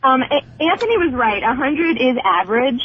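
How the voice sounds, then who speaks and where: A woman psychologist calling in to a radio show, speaking earnestly and with measured care. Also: high voice, sing-song, husky. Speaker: psychologist caller. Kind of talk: call-in radio talk. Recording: muffled phone line.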